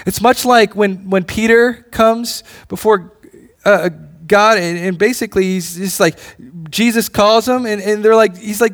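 A man's voice: sits high, moderate pace, a bit bright. A man preaching a sermon in a conversational way, often restarting phrases and building in intensity. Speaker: pastor.

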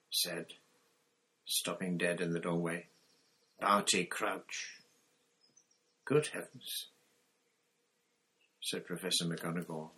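A man narrating an audiobook in a measured, even reading style. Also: deep voice, husky. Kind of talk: scripted narration.

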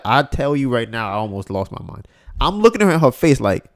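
Young man, podcast host, slangy casual storytelling, lively swinging pitch, mid-range voice. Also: quick pace. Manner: animated, slangy, acts out both sides of a story.

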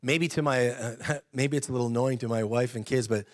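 A man's voice: medium pitch, fairly even intonation, no echo. Guy in his 30s telling his church story, earnest, laughs a lot, mid voice, dry close sound. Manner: earnest, chatty, laughs often, halting restarts. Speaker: church member giving testimony. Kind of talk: personal testimony in church.

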